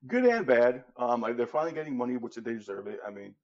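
A man's voice: medium pitch, sing-song, fast. A man co-hosting a casual sports podcast, speaking hesitantly with many fillers and trailing asides, on a dull lo-fi recording. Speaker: podcast co-host. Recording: dull lo-fi sound.

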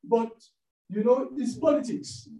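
A man preaching a sermon in a church hall, telling stories in an animated way with many fillers. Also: extremely high pitch, a little slow. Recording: echoey room, mic at a distance.

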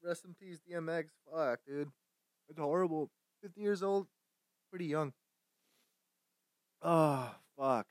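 A young man chatting casually on his stream, loud and foul-mouthed, breaking into laughter again and again. His voice sits high for a man, and the sound is dry and close. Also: a little slow, long pauses, no echo. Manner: loud, swearing, laughing often, mocking voices. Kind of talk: profane casual chat.

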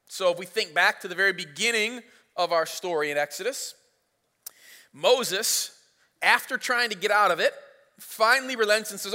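A man's voice: high voice, normal speed, sharp tone. A man preaching a sermon as pastor, retelling the story in a casual, playful way. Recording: reverberant hall.

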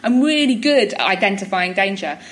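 A woman's voice: medium pitch, expressive, brisk, a bit bright. A woman guesting on a live comedy podcast in a theatre, cheerful, laughing often and breaking in with sudden involuntary tic words. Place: theatre stage before a live audience. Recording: live stage audio with audience noise.

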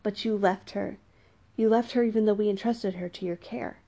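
A woman's voice: medium pitch, steady tone, moderate pace, dark tone, close to an everyday voice. Woman reading as a solemn royal minister. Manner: solemn, reproving. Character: wise, sorrowful royal minister.

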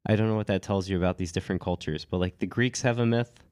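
A man co-hosting a podcast with a cold, telling stories in a relaxed chatty way with lots of "like" and small laughs. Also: sits low, fast talker, clear, resonant tone, dry recording, studio quality. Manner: relaxed storytelling with frequent "like" and laughs. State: has a cold. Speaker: podcast co-host. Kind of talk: casual chat.

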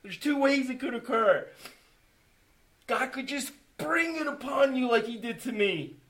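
Speaking a little slowly, a man with a very high-pitched, fairly bright voice and lively intonation gives his personal testimony to a church group. It comes out emotional and earnest, full of restarts, with him performing the words of himself and the other people in the story.

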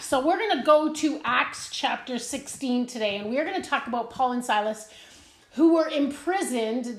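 A woman's voice: on the high side, roomy sound. A middle-aged woman hosting a casual devotional live stream from home, chatty and laughing, with many fillers. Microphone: camera at home, seated.

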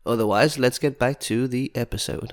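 A man hosting a podcast in casual chat, upbeat and curious, slowing down to spell things out for learners. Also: medium pitch. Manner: upbeat, curious, slows down for learner-friendly phrasing. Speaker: podcast host.

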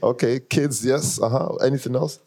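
A man's voice: medium pitch, normal speed. A man with an African accent leading a church leadership class, talking casually and teasing the congregation with lots of laughter. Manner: animated, teasing, often laughing, chats with the audience. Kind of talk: casual joking talk to a congregation.

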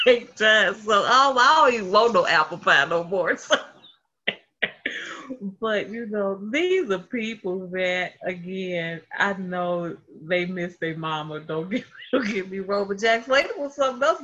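A woman hosting a casual faith talk, telling family stories in an animated way and laughing often. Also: on the high side, a little slow, a little hiss or hum. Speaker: host of a faith livestream. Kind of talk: casual devotional chat. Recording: dull lo-fi sound.

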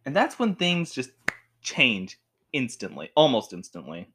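A young man reviewing a show at home in a rambling, animated way, with frequent restarts. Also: medium pitch, measured pace, background noise. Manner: rambling, animated, with many restarts and acted quotes. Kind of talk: casual talk to camera. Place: home with a cat.

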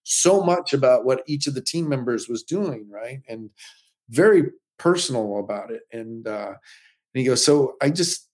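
A middle-aged man, a stuntman guest, telling animated anecdotes in a casual interview and often quoting others. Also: mid-range voice, moderate pace. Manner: animated anecdotes with quoted voices.

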